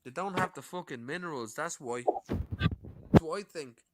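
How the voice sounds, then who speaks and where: A man's voice: fairly high pitch, a little slow, heavy background noise. A man talking in a casual livestream chat as a panel guest, combative, sweary and mocking.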